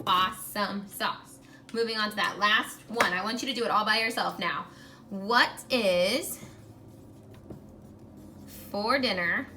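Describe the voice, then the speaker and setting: A woman teacher giving a recorded grammar lesson to young students, clear and encouraging, slowing down while she writes on a whiteboard. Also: mid-range voice, bright, forceful tone, slight background noise.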